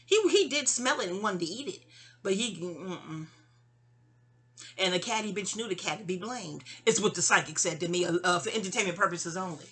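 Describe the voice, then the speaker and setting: A middle-aged New York woman vlogs a memoir story in a digressive, rambling monologue packed with fillers and restarts. She talks fast with hardly any pauses, in a mid-range, fairly bright voice with lively intonation and a breathy edge.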